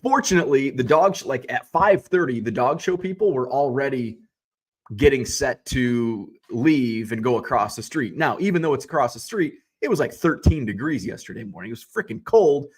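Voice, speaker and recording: Hoarse male host, mid-pitched, casual rambling recap with plenty of fillers. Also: lively intonation, normal speed. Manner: chatty, rambling, many fillers and restarts. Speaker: card show organizer and host.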